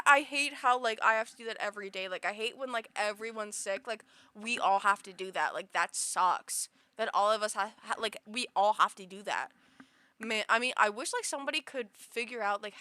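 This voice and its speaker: Woman streamer, bright voice, loose rambling chatter with giggles. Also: mid-range voice, dry recording. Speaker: livestreamer. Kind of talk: casual chat with stream viewers.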